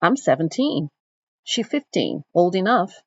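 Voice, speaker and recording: A woman's voice: on the low side, very animated, a little slow, a little mellow, husky, dry recording, heavily acted. A woman reading aloud the lines of Harpo, a blunt and eager seventeen-year-old young man, in a plain voice on a dull, dry recording.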